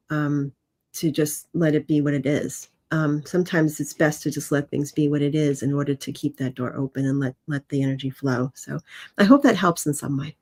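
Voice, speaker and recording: A woman's voice: fairly low pitch, a little mellow. A woman co-hosting a casual livestream, talking in an easygoing, reassuring way with plenty of fillers. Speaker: co-host of a weekly intuitive live show.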